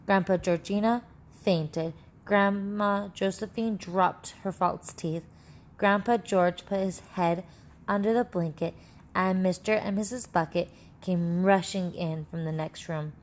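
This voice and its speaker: A woman reading a children's book aloud, telling the story in a steady, expressive way and adding short asides of her own. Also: medium pitch, a little slow. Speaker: reader.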